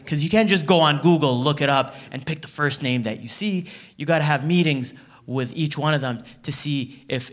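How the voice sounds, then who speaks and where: A Canadian man doing a stand-up comedy routine in front of a live audience, telling stories in an animated way and acting out the dialogue. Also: on the high side.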